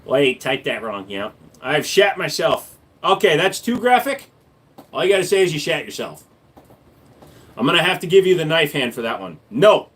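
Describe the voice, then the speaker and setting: A man with a fairly high, slightly rough voice and a fairly bright tone swings his pitch widely while talking at a normal speed. He's hosting a casual livestream, reading chat comments aloud and firing back blunt, profane jokes.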